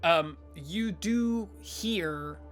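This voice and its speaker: A man's voice: sits high, very slow, fairly bright tone, soft background music. A man running a tabletop role-playing game as game master, narrating with lots of fillers and self-corrections.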